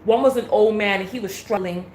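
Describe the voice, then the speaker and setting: A woman's voice: mid-range voice, brisk, a little mellow, a little hiss or hum. New york woman vlogging, laughs a lot, acts out the dialogue, echoey room. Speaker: travel vlogger. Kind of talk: casual storytelling vlog.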